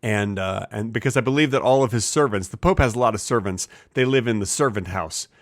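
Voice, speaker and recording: Deadpan man rambling absurd jokes. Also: lowish voice, brisk, no echo, clean studio sound. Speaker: podcast co-host. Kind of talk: casual comedic chat.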